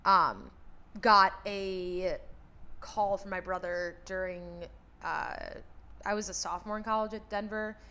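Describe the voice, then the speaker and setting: A woman's voice: medium pitch, fairly even intonation, a little slow, sharp tone, clear, resonant tone. A young woman in her twenties chatting candidly on a podcast, swearing freely and restarting her sentences. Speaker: podcast host. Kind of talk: casual podcast chat.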